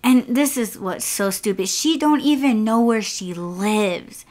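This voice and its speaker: A woman's voice: fairly high pitch, expressive, unhurried, a little mellow. A young woman hosting a podcast, casually telling a frustrating rideshare story in a candid, exasperated way, swearing freely. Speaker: podcast host and rideshare driver.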